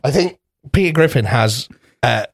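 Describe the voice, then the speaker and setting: A man rambles through a casual podcast chat, laughing often and swearing freely. His voice sits at an everyday middle pitch. The sound is dry and close. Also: expressive, moderate pace, no room sound. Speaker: podcast co-host.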